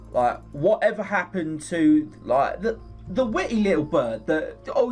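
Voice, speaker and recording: A man's voice: sits high, full character voice. A man voicing a sly, chummy male rogue with a Cockney accent, drawling and wheedling.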